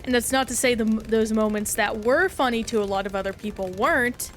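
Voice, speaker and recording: A woman's voice: on the high side, brisk, slight background noise. A woman streamer chatting casually while playing a game and answering chat, talking in a self-reflective, rambling way.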